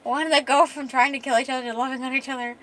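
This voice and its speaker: A woman's voice: high voice, fairly even intonation, very fast, a bit bright, a little hiss or hum, poor audio. A young woman chatting casually as a comic artist and streamer. She rambles and fills her talk with ums and restarts. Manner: rambling, with many fillers and restarts. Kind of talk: casual chat.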